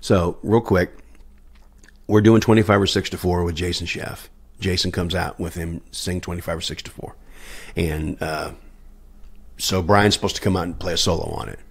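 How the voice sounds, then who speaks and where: A man's voice: sits low, steady tone, normal speed, slightly rough. A man, a guest musician, telling stories in a podcast interview, acting out quoted dialogue and laughing often. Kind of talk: anecdotal storytelling in a podcast interview.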